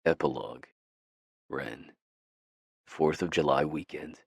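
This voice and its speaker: A man narrating a first-person romance audiobook in a low, husky manner. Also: slow pace, dry recording, studio quality.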